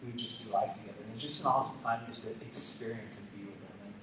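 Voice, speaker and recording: A man's voice: on the low side, fairly even intonation, rapid-fire, noisy background. A man preaching as a pastor, telling a personal story in an earnest, conversational way. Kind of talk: storytelling sermon. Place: church gathering room. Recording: roomy, distant from the mic.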